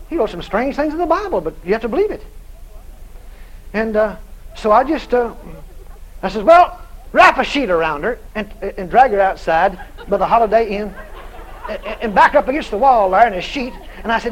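A man's voice: very high voice, normal speed, a faint crowd, a little hiss or hum, low-quality recording. A man preaching, telling a story from his ministry and acting out both sides of the conversation. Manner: animated, chuckling anecdote with shouted prayer bursts. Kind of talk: storytelling sermon.

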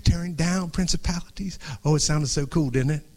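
A middle-aged man preaching an impassioned sermon to a congregation, dropping to a hush and then rising, often restarting phrases. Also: fairly high pitch, fairly quick. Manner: earnest, swings from hushed to raised, restarts phrases. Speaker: pastor. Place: church before a congregation.

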